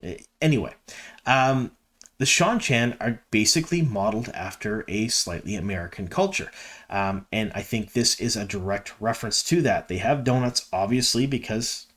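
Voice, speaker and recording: A man's voice: lowish voice, normal speed, fairly bright tone. A man from Canada hosting a fan video, talking casually and enthusiastically with frequent ums and asides. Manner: chatty and enthusiastic, many ums.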